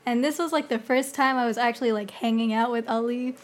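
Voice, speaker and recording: High-voiced young woman telling goofy stories. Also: a little fast. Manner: animated, goofy anecdotes. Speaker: podcast co-host. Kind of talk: casual chat. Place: small room with a slight echo.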